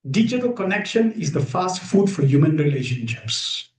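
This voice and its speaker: A man giving an emphatic devotional talk to a gathered group, pausing often and asking rhetorical questions, streamed live. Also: a little high, big pitch swings, a little mellow. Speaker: spiritual teacher. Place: room with a gathered audience. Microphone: streamed live over video call. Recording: echoey room.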